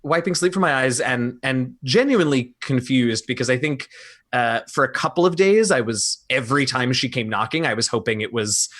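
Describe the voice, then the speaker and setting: A man's voice: medium pitch, normal speed, a bit bright. A man playing in a tabletop role-playing game, describing his character in a rambling, hesitant way with many fillers. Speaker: player. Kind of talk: casual tabletop role-play chat.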